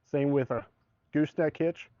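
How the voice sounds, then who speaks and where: A man's voice: a little high, normal speed, dark tone, dry recording. A man giving a casual, conversational product walkthrough as a salesman, explaining specifications plainly. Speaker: truck bed salesman. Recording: slightly dull, dry recording.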